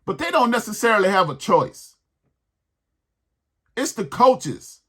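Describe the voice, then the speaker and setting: Heated, husky-voiced ranting man. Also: sits high, very animated, unhurried, fairly bright tone. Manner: heated, exasperated ranting with repeated phrases. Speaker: sports podcast host. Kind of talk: ranting sports commentary.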